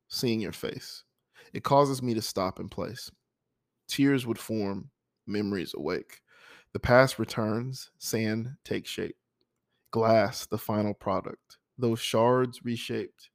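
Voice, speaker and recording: A middle-aged man speaking candidly and emotionally about a poem he wrote, halting with sighs and pauses. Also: fairly low pitch, no echo, clean studio sound. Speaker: poet. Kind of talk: personal reflective monologue.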